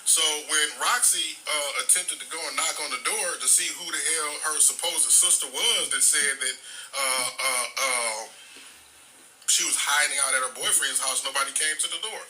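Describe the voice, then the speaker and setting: A man's voice: fairly high pitch, normal speed, sharp tone, slight background noise, rough recording. A man hosting a live stream, talking bluntly in a streetwise way, swearing freely and rambling with restarts. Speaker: livestream host. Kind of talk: casual live-stream talk.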